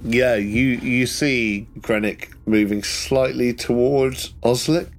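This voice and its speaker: A man's voice: medium pitch, fairly even intonation, slow, a little hiss or hum. Sweary, easygoing male game master. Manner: casual, sweary, descriptive narration. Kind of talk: narrating a tabletop game.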